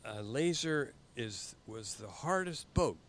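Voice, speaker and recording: An older man telling stories in a casual interview, halting and often repeating words as he goes. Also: mid-range voice, lively intonation, a little hiss or hum. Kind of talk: casual storytelling.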